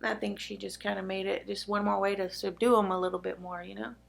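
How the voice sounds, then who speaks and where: A woman's voice: medium pitch, little pitch movement, fast, gravelly. A woman co-hosting a true-crime podcast in casual chat, blunt and speculating aloud. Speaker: podcast co-host.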